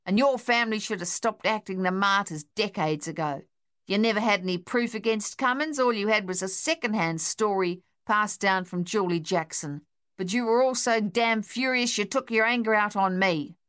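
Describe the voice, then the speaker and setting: A woman's voice: medium pitch, normal speed, a bit bright, clean tone, pitched above the performer's own voice, close to an everyday voice. A woman voicing a brusque, impatient woman in an audiobook, blunt and insistent. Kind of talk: audiobook character voice.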